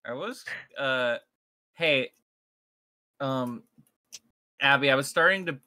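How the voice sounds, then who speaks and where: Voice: mid-range voice, slow, pushed and bright. A speaker in a casual livestream chat, giggly and a little sheepish.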